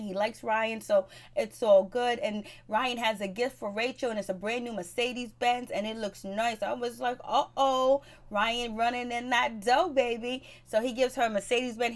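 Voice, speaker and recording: Woman gossiping about a tv episode, chatty, a little high voice. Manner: chatty, gossipy, gives blunt advice. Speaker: TV show recap host. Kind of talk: casual recap commentary.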